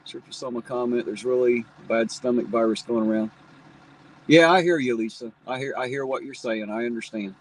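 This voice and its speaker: This middle-aged man, from the tri-state corner of Ohio, Kentucky and West Virginia, has an Appalachian Ohio Valley accent with a slight Southern drawl. Talking fairly quickly at a medium pitch, he rambles in a folksy way while reading viewer comments on his live stream, in a low-quality recording.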